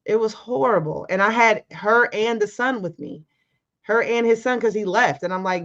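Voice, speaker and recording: A woman's voice: medium pitch, normal speed, a bit bright, lo-fi sound. A woman guest telling a personal story in casual, emphatic talk, acting out the arguments she quotes. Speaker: interview guest.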